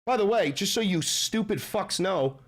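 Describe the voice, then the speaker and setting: Loud profane male livestream ranter. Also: high-pitched, lively intonation, moderate pace. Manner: loud, profane, mocking and combative. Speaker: livestream host. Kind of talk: profane political livestream rant.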